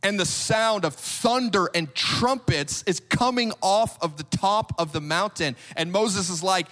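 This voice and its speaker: A man's voice: high-pitched, a little slow, few pauses, a bit bright. A man preaching a sermon, retelling scripture in a casual, storytelling way that acts out the quoted reactions. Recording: long hall reverb.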